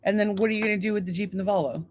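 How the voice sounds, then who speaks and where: A woman's voice: medium pitch, fairly even intonation, racing, slight background noise. A woman co-hosting a podcast with her husband, bantering brashly and teasing him, often breaking into laughter. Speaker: podcast co-host. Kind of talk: casual married-couple banter.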